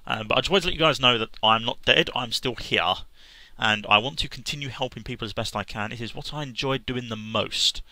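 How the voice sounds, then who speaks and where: A man talking sincerely to camera as a gaming vlogger, halting with restarts and fillers. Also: medium pitch, pushed and bright, no echo. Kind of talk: casual earnest talk to camera.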